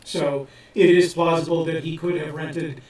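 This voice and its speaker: A man co-hosting a casual live chat, answering viewer questions in a measured, explanatory way with frequent pauses. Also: fairly high pitch, fairly even intonation, a little mellow. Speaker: co-host of a treasure-hunt channel. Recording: voice a little distant from the mic.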